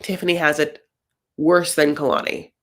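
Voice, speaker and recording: A woman's voice: sits low, little pitch movement, normal speed, a bit bright. A woman giving casual, sarcastic commentary on a reality show, rambling with lots of fillers.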